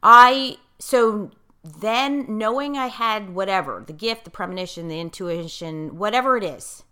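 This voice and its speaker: A woman's voice: mid-range voice, measured pace, sharp tone, clean tone. A middle-aged woman in casual conversation, talking like a coach with emphasis and checking in with her listener, and getting choked up as she tells a personal story. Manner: gets choked up while telling a moving story.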